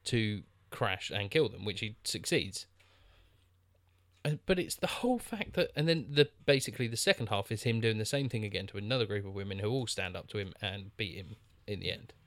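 A man's voice: fairly low pitch, lively intonation, brisk, a bit bright, dry recording. A man co-hosting a podcast, chatting casually about a film with many restarts and fillers. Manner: rambling, lots of restarts and fillers. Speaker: podcast co-host.

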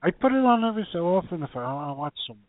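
A man talks eagerly in a casual podcast chat, stumbling over fillers and restarts. His voice is a little high for a man. The recording is dry and narrow, like a phone line. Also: big pitch swings, racing, no room sound. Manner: enthusiastic, hesitant, many fillers. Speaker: podcast co-host.

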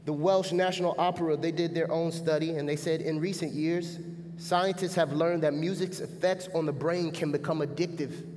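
A man preaching a lively sermon as pastor, often turning to the congregation with a quick "right?". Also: on the high side, long reverb tail, a little hiss or hum. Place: church sanctuary. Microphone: stage mic.

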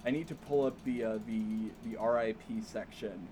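Halting man reading forum posts aloud. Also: lowish voice, mellow, a little hiss or hum. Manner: halting, many fillers and restarts, laughs often. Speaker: podcast host. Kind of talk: casual comedic chat, reading forum posts.

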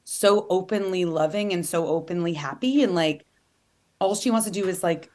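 A woman author being interviewed, talking earnestly and animatedly and acting out quotes in lively voices. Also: on the low side, normal speed. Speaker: author and guest. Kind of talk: candid interview conversation.

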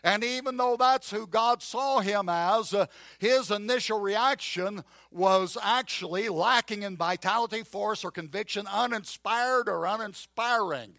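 A man preaching a sermon as pastor, emphatic and animated, repeating key phrases and acting out doubting voices. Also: high voice, unhurried, creaky, no echo, clean studio sound. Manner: acts out voices of a doubting listener and a drawling Gideon.

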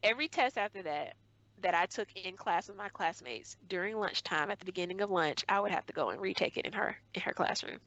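Here the young woman's mid-range voice runs a little fast and a bit bright, on a dry recording with the highs cut off. Guesting in a conversation, she earnestly relives a painful school memory, acting out the lines people said.

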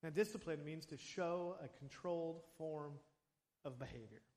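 High-voiced man preaching in a reverberant hall. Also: moderate pace. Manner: conversational, animated preaching with asides and acted quotes. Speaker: pastor. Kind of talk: sermon. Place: church sanctuary.

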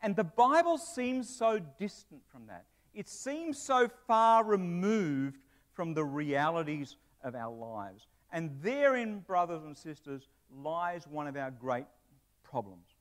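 Animated, high-voiced male preacher. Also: takes it slowly. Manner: conversational, with asides and humor. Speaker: pastor; broadcast presenter. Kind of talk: sermon.

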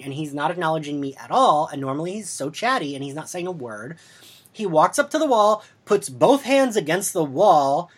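A man telling a story over drinks on a podcast in a casual, animated way, acting out the voices of the people he quotes. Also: fairly high pitch, normal speed, slightly rough.

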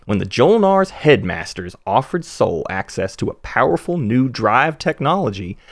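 A man's voice: medium pitch, big pitch swings, normal speed, no echo, clean studio sound. A man doing a Southern-drawled rebel spokesman. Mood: ominous. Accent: American Southern. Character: male spokesman of a rebel human federation. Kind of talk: reading game lore aloud.

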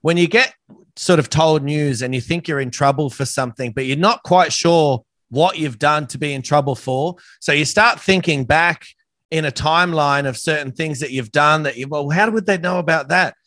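A man's voice: fairly high pitch, moderate pace, a bit bright, dry recording. A young Australian man hosting a podcast, chatting casually and running a quiz in an upbeat way. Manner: upbeat, calls people mate. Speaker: podcast host.

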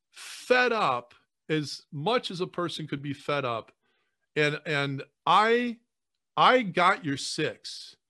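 Earnest priest, halting and emotional. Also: male voice, fairly high pitch, pushed and bright, no echo, studio quality. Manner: earnest, halting, repeats words when moved. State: choking back tears. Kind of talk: emotional podcast conversation.

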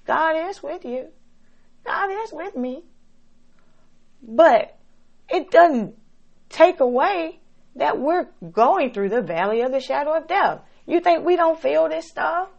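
A woman preaching a sermon, slow and dramatic, swinging between loud emphatic lines and soft, hushed ones. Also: high-pitched, lively intonation, vocal fry, dull audio.

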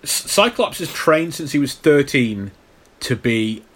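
A man's voice: a little high, very animated, measured pace, a bit bright, slightly rough. Man explaining film lore in chat. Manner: knowledgeable, explains at length with stammered restarts. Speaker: podcast co-host. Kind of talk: casual film podcast chat.

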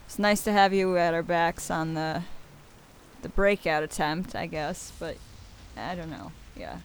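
A woman's voice: on the low side, animated, unhurried, slight background noise. A woman player in a tabletop game, asking questions hesitantly. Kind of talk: tabletop role-play.

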